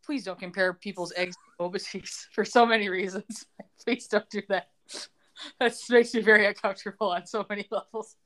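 A woman's voice: mid-range voice, steady tone, normal speed, fairly bright tone. A woman co-hosting a podcast, teasing her partner in casual chat and laughing often. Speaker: podcast co-host.

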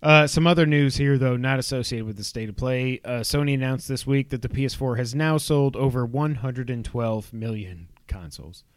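A man's voice: medium pitch, moderate pace, few pauses, no echo. A man co-hosting a casual podcast, reading through gaming news with wry asides. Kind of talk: casual chat.

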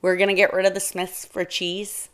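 A woman's voice: mid-range voice, completely flat delivery, moderate pace, clean tone, natural voice. A woman voicing a sleepy, grumpy male black bear who talks in a drowsy, skeptical way.

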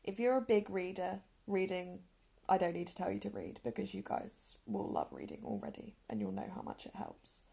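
Earnest young woman, gravelly voice. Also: mid-range voice, very animated, normal speed, warm tone. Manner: earnest, chatty, self-deprecating with frequent ums and laughs. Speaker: podcast host. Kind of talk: casual solo podcast talk.

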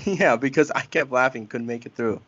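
A man's voice: mid-range voice, fast talker, fairly bright tone, husky, no echo, highs cut off. A young man hosting a casual podcast, who keeps cracking up with laughter while trying to read a story aloud. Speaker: podcast host.

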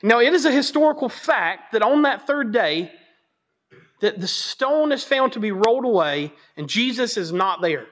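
Male preacher, high voice, casual jokey delivery, repeats key points for emphasis. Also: a bit bright. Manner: conversational and joking; emphatic repetition. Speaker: Bible teacher. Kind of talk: Bible teaching sermon.

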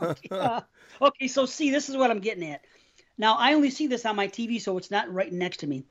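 A man's voice: very high voice, quick pace, lo-fi sound. A man co-hosting a podcast, rambling in casual, heavily profane chat. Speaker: podcast co-host.

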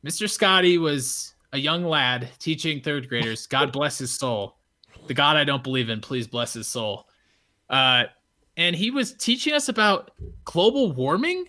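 A man telling a story in a casual podcast chat, animated and swearing freely, with lots of fillers. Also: a little high, a little slow.

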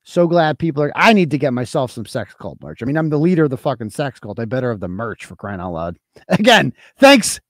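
A man's voice: medium pitch, big pitch swings, fairly quick, no echo, clean studio sound. A man in his forties from Massachusetts, hosting a casual livestream, reading chat and ranting with lots of swearing and sarcasm. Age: 40s. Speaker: host.

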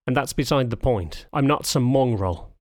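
A man voicing a snarky, defensive young male cattle dog who talks bluntly and gruffly, in an audiobook reading. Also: mid-range voice, animated, moderate pace, no echo, studio quality, close to an everyday voice.

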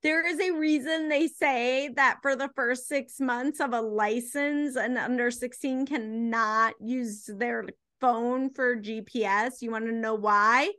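A woman in her forties co-hosting a casual movie review chat, animated and quick to do mock voices when quoting. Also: fairly high pitch, no room sound, clean studio sound. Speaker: podcast co-host.

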